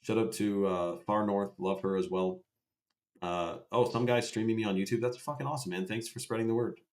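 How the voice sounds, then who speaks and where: A man's voice: lowish voice, steady tone, fairly quick, a little mellow. A man hosting a casual livestream. He answers viewers by name, swears freely and keeps a loose, chatty tone. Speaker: livestream host.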